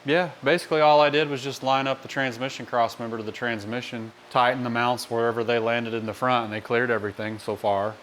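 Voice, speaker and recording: A man's voice: medium pitch, little pitch movement, a little fast, few pauses, a bit bright, a little hiss or hum. A man hosting a DIY truck build, talking casually and wryly while he works on the vehicle, swearing now and then as he goes. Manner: wry, rambling, swears casually while working. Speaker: DIY mechanic channel host. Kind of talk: casual garage work commentary. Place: home garage or shop.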